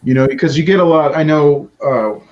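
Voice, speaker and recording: A man's voice: on the high side, normal speed, darkish tone. Man on a dull, noisy remote line. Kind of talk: casual interview chat. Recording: dull lo-fi line with faint noise.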